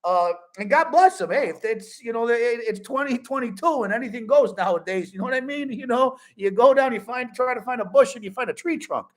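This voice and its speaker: A man's voice: very high-pitched, brisk, hardly any pauses. A man in his forties hosting a fan live stream, chatting casually with viewers and joking a lot. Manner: animated, joking, repeats catchphrases.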